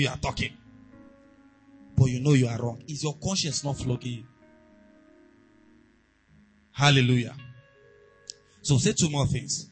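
A pastor preaching a sermon, moving between quiet asides and loud, emphatic exhortation. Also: male voice, mid-range voice, slightly rough, low-quality recording.

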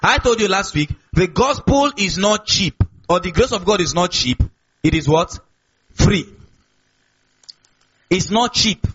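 A pastor with a high, husky voice delivers a sermon, repeating key words and asking his listeners if they follow. The recording is dull and lo-fi. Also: expressive, a little slow, long pauses, fairly bright tone. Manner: call-and-response preaching, repeats key words.

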